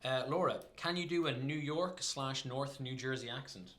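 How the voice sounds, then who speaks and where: A man's voice: medium pitch, moderate pace, noisy background. A young Irish man hosting a live stream, reading out audience questions with dry jokes. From Ireland. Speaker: livestream host. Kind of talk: casual livestream chat.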